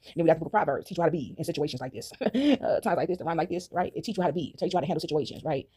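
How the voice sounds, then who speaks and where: Fast-talking woman with a husky voice. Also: warm tone. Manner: rapid, rambling, tag question after nearly every phrase; acts out quoted people in higher voices, sings snippets. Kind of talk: casual motivational monologue.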